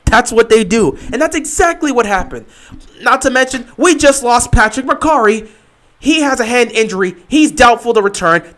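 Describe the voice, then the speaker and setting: A high-pitched, bright-voiced man calls a football game live for his stream viewers. He talks in animated bursts and hammers the same point again and again. At times he drops into a flat, deflated mutter. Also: a little fast. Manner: animated, repeats points insistently, swings from excited to flat and deflated. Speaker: fan livestream host. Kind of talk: live game watch-along commentary.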